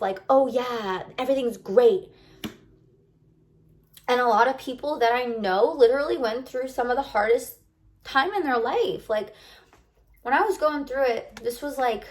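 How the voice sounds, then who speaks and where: Chatty young woman, slightly high voice. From United States. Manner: rambling, confiding, many likes and restarts. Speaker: lifestyle vlogger. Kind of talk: casual heartfelt talk to camera.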